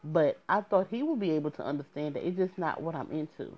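Young woman, frank and exasperated storyteller addressing viewers directly; low voice, dull recording. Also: lively intonation, fast talker. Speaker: storyteller vlogger. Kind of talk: casual storytime monologue.

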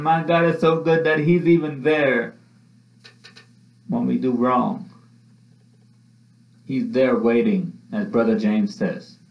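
A man preaching a sermon with passion, repeating his phrases as his voice rises and falls. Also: medium pitch. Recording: echoey room, dull lo-fi sound.

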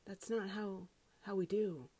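A woman's voice: mid-range voice, fairly even intonation, measured pace, warm tone, slightly rough, dry recording. A woman who works as a grocery cashier, ranting casually about customers from inside a closet, exasperated and incredulous and swearing freely.

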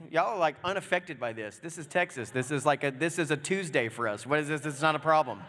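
A man preaching a sermon in a chatty, joking way, acting out the story with sudden loud exclamations. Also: fairly high pitch, fast, slight background noise. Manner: animated, jokey, acts out scenes with loud exclamations. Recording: long reverb of a large hall.

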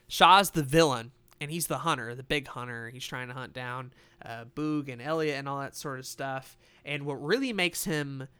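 A young man casually reviewing animated films, excitable and swearing freely. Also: a little high, clean tone. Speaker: film reviewer.

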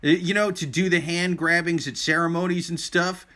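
A man's voice: on the high side, fairly even intonation, moderate pace, pushed and bright. A young man in casual podcast chat, blunt and crude, joking as he talks.

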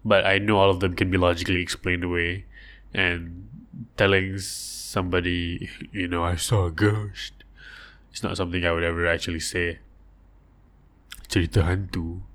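A man chats casually on a livestream, his voice sitting a little low. He rambles and jokes through listener questions and slips into silly voices to act out small scenes. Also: flat delivery, moderate pace, fairly bright tone.

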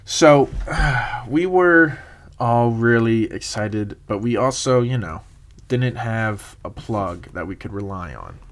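A young man telling a rambling, casual story, laughing often and filling pauses with "uh" and "um". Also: mid-range voice, animated.

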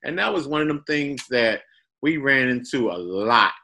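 Bright, lively man telling stories. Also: normal speed, creaky. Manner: expressive, acts out quotes with big pitch swings. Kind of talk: casual storytelling chat.

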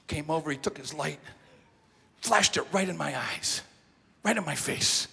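A male pastor telling a story from the pulpit in an animated, self-mocking manner, with a breathy voice in a large hall. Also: fairly high pitch, normal speed. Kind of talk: sermon storytelling.

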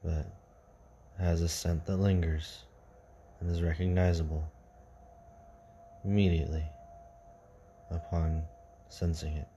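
A man hosting an unscripted podcast, reading stories and musing casually, his voice sinking low and quiet at the ends of phrases. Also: flat delivery, unhurried, pauses often, highs cut off, slight background noise. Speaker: podcast host.

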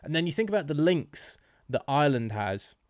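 A man's voice: a little high, sing-song, fairly quick, a little mellow, no echo, clean studio sound. A man hosting a podcast, talkative and joking, teasing his guest in casual chat. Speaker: podcast host.

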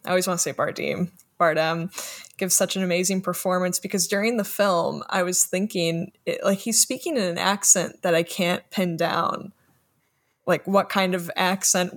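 A woman's voice: lowish voice, fairly even intonation, moderate pace. A woman co-hosting a casual film discussion, tentative and self-deprecating.

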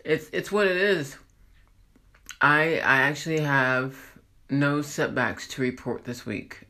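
A woman's voice: low voice, takes it slowly, bright, forceful tone. A woman hosting a casual, rambling motivational monologue, laughing at herself as she encourages listeners. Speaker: host.

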